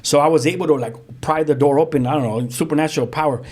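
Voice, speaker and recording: A man, a pastor telling his own story as a guest in lively, vivid storytelling with street slang and sound effects. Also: fairly high pitch, fast talker, husky. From South Central Los Angeles. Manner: frequent restarts, street slang. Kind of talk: animated storytelling.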